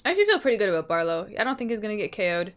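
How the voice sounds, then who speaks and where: A young adult woman streamer chatting casually with her viewers, reading their comments, laughing often and trailing off softly at the ends of her thoughts. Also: mid-range voice, big pitch swings, rapid-fire. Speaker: livestreamer.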